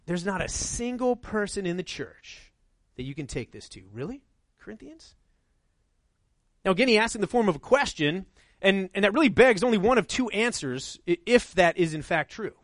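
A man's voice: high voice, animated, normal speed, fairly bright tone, dry recording. A middle-aged male pastor preaching a sermon in a conversational way, often checking in with "right?".

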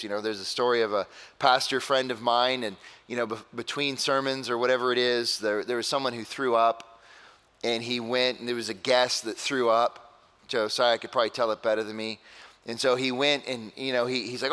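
A male pastor preaching a sermon in a conversational way, with dramatic pauses. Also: medium pitch, steady tone, fairly bright tone, smooth, big-room sound.

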